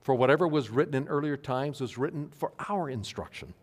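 A male pastor giving an earnest sermon to his congregation, stressing key phrases slowly. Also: medium pitch. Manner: earnest, emphatic preaching with slow stressed phrases. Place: church sanctuary. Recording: long hall reverb.

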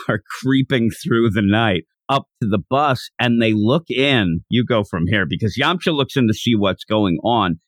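A man's voice: fairly low pitch, a little slow, no echo. A man co-hosting a podcast, chatting casually as he recaps a comic and acts out the characters' lines. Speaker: podcast co-host.

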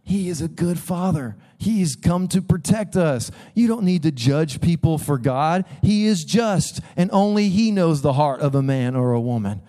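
A man preaching a sermon as a pastor, conversational and animated, acting out voices as he tells stories. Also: a little high. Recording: long hall reverb.

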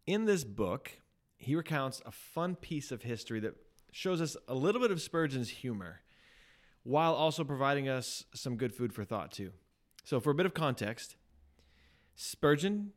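A man co-hosting a casual podcast, chatting and reading a story aloud, quick to laugh at himself. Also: medium pitch. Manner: chatty, laughs at himself, reads quotes with emphasis. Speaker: podcast co-host.

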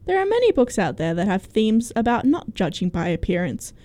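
A young woman co-hosting a casual book chat, reading reviews aloud with quick asides. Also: fairly high pitch, sing-song, warm tone, no echo.

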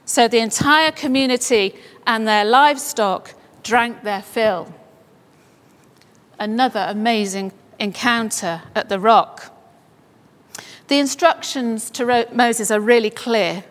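A woman with a high voice preaches a sermon, reading passages of scripture and then building them up into fervent, emphatic declarations. Her voice rings out with a long reverb trailing behind it. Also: slow, a bit bright.

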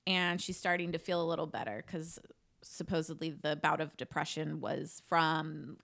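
Chatty lower-voiced woman telling a case. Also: steady tone, moderate pace, vocal fry, a bit bright. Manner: chatty, swears, lots of "like". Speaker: podcast co-host telling a case. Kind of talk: casual true-crime storytelling.

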